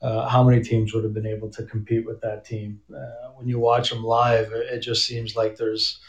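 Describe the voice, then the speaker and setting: A man's voice: medium pitch, flat delivery, normal speed. A man who is a hockey coach, chatting casually in an interview with many restarts and fillers. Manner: conversational, frequent restarts and fillers. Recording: roomy, dull remote audio.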